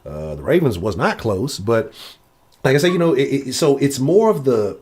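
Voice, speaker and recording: A man hosting a live sports talk show, casual and profane, often jumping up in pitch when he mimics critics. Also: sing-song, normal speed, a little mellow, husky. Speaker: sports podcast host.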